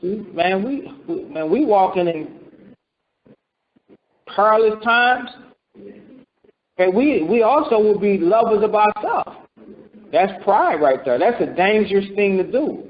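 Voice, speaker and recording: A man's voice: sits high, expressive, takes it slowly, long pauses. A man giving a conversational Bible teaching, asking rhetorical questions and acting out what people say. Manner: rhetorical questions, acts out voices. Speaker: preacher. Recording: dull lo-fi recording.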